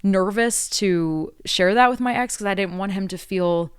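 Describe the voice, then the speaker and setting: A woman's voice: medium pitch, a little slow, clean tone, dry recording, clean studio sound. A woman podcast host talking in a casual, rambling monologue, full of "like" and self-corrections. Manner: chatty, rambling, heavy on "like", frequent self-corrections.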